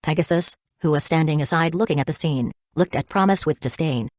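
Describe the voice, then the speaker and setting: A woman narrating an audiobook of a web novel in a steady, even reading. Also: low-pitched, fairly quick, no echo, clean studio sound.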